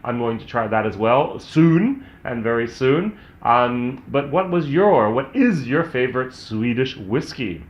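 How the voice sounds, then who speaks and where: A man's voice: mid-range voice, expressive, measured pace, few pauses. American man, whisky review host, chatty and candid, roomy room sound. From United States. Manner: chatty and candid, thinking aloud. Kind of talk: casual tasting review. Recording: roomy, slightly dull sound.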